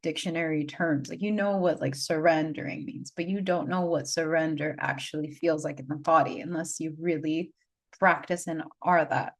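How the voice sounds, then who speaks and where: Low-pitched female spiritual guide, unscripted vlog storytelling, earnest and rambling, lots of "like" and repeats. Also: steady tone, normal speed. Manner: rambling, heavy on "like", repeats phrases for emphasis; earnest, gushing. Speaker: spiritual guide and energy healer.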